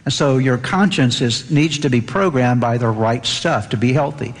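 Man, pastor, earnest sermon, middle pitch, long hall reverb, church sanctuary. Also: normal speed. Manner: earnest, rises in pitch reading scripture aloud.

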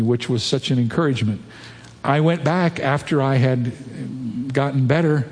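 Preaching man in a reverberant hall. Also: a little mellow. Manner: earnest preaching, rising emphatic pitch on key points. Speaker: pastor. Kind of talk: sermon.

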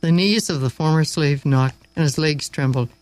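A man narrating a story aloud, expressive and dramatic, with slow pauses for effect. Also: a little high, poor audio.

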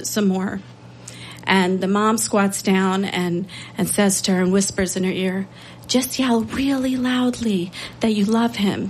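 A woman telling a personal story on stage, earnest and unhurried, with emotion in her voice. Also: mid-range voice, slight background noise, rough recording. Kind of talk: live storytelling.

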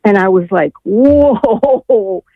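Over a tinny, dry phone line, a woman calls in to a radio show and tells a long story. Her medium-pitched voice is a little slow, and she rambles hesitantly, filling the pauses with plenty of fillers.

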